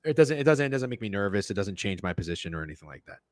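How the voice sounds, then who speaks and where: A man's voice: fairly low pitch, big pitch swings, rapid-fire, dry recording. A man hosting a sports betting show, ranting in casual, profane chat and answering messages from viewers. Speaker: sports betting podcast host.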